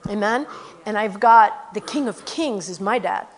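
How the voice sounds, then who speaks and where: Preaching in a conversational way about her missionary work, a woman with a mid-range, animated voice speaks earnestly. "You know" and "okay?" come up often, and she races through scripture.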